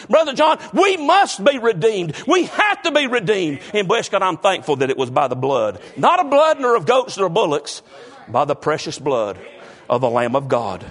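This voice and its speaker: A man's voice: sits high, very animated, moderate pace, a bit bright. A man preaching a sermon, fervent and calling out members of the congregation by name. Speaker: pastor.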